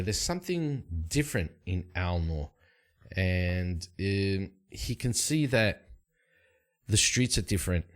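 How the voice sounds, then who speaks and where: Guy narrating his solo tabletop game, deep voice, slow and rambly. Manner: casual, rambling, with fillers.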